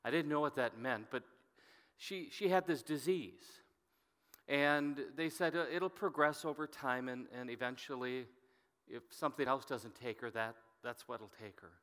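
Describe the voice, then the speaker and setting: A middle-aged man preaching as a pastor, telling a story in an earnest, halting way and often dropping to a hushed voice. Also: mid-range voice. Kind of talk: sermon storytelling. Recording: long reverb from a hall.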